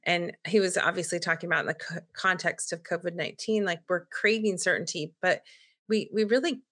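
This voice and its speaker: A woman with a bright, clear tone and a slightly low voice speaks as a podcast guest. She talks earnestly and reflectively in a relaxed chat, with many casual fillers. The conversation is faith-based. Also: a little fast.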